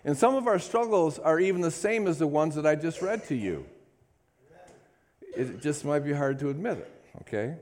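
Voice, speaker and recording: A man preaching a sermon, calling out "amen?" to the congregation and swinging between quiet asides and loud declarations. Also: a little high. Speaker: pastor.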